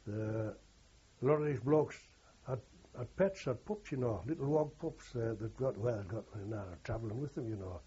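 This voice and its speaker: A man's voice: mid-range voice, normal speed, hardly any pauses, warm tone, slightly rough. An older man, a war veteran telling rambling oral history anecdotes and quoting others with "he says". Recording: dull lo-fi recording.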